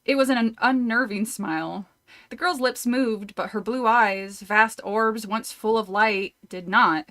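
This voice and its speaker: A woman's voice: on the high side, measured pace, fairly bright tone. A woman streamer reading a horror novel aloud, often breaking off to chat, laugh and swear casually. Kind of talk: casual read-through with chat.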